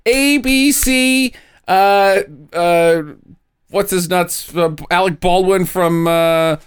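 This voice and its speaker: A man's voice: high voice, takes it slowly, smooth, pitched above the performer's own voice. A man voicing a cocky male drug boss who brags about closing a big deal. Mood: boastful. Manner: boastful, jokey. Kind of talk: comedic movie recap impression.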